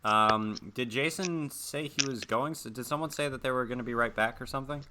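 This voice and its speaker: A young man as game master, narrating a tabletop horror game over voice chat with relaxed fillers. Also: mid-range voice, fairly quick, background noise.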